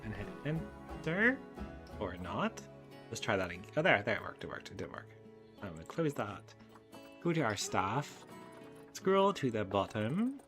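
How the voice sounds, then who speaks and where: A man's voice: fairly low pitch, sing-song, measured pace, pauses often. Chatty man playing a game. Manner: chatty, narrates his own clicks and talks fondly to the animals. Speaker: gaming YouTuber. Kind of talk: casual game commentary. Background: game background music.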